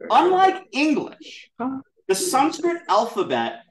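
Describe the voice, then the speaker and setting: A man teaching a lively classroom lesson, drilling sounds aloud with his students. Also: very high voice, slow pace, distant mic. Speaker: Sanskrit teacher. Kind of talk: classroom lesson with call-and-response. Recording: roomy echo in a classroom.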